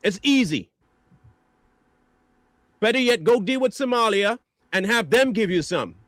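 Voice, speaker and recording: High voiced guy ranting and trashing people on his stream, super dry sound. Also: expressive, unhurried, fairly bright tone, no echo. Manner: insulting, mocking rant. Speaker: stream host. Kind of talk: angry reaction commentary.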